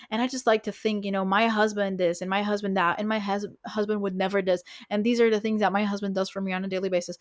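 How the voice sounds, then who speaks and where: A podcast host gives frank, emphatic relationship advice in a casual style, swearing often and filling pauses with "like" and "you know." Her medium-pitched voice comes through a dry, studio-quality recording.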